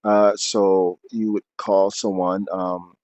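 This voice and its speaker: Man, lowish voice, reads then explains, halting with fillers, dry room. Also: little pitch movement, a little mellow, dry recording, muffled recording. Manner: halting, many uh fillers and restarts when explaining. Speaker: author reading and commenting on his book. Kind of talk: reading aloud then explaining off the cuff.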